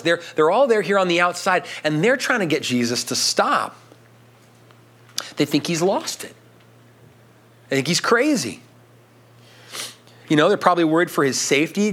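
Male preacher with a high, lively voice. Conversational sermon delivery, with frequent "right?" asides.

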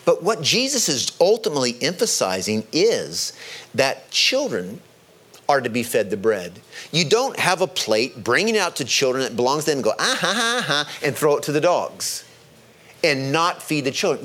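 Male preacher, sermon, emphatic, animated pitch, slows to stress points.

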